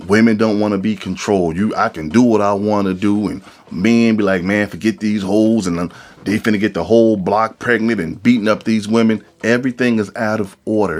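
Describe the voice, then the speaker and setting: A man holds forth on a podcast, casual but preachy. He swings his pitch widely, slipping into voices to act out quotes. Faint music plays quietly behind him. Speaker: podcast host. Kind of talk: casual monologue.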